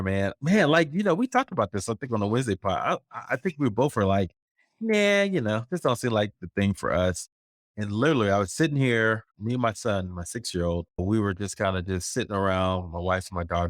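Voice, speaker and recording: A man's voice: on the low side, no echo, studio quality. A man in his thirties co-hosting a pop culture podcast, easygoing and chatty, addressing listeners directly. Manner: easygoing, laughs along, talks to the audience. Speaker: podcast co-host. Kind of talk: casual chat.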